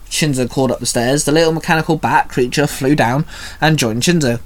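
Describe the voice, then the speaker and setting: A man reads a fan story aloud in a casual, unpolished way, stumbling and restarting now and then. His voice sits at a middling pitch. He narrates as a storyteller. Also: fairly even intonation, a little fast. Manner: casual reading with small slips.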